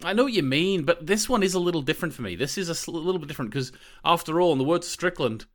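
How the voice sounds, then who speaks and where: A man's voice: on the high side, expressive, racing. A man in his thirties co-hosting a movie podcast, joking playfully in a casual chat. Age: 30s. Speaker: podcast co-host.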